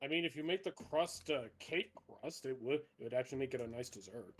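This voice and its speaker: A man's voice: mid-range voice, animated, a little fast, crowd noise. A man at a tabletop game, blunt and impatient. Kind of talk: casual tabletop game chat.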